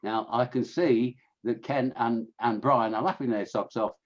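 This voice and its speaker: A man's voice: medium pitch, fairly even intonation, unhurried, lo-fi sound. Chatty Fenland man giving a history talk. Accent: Fenland English. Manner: chatty, with frequent restarts and asides to listeners. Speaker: lecturer on scouting history. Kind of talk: illustrated history talk to an audience.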